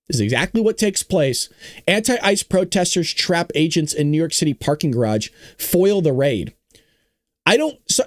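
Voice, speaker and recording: A man hosting a political commentary show, reacting to the news in a blunt, indignant way and speaking straight to his viewers. His voice sits somewhat high and swings widely in pitch. The sound is close and dry. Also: darkish tone, no room sound. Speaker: show host.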